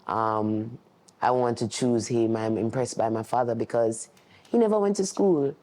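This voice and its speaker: A man, voicing a deaf guest's signed story in the first person, earnest and steady. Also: mid-range voice, moderate pace. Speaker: sign language interpreter.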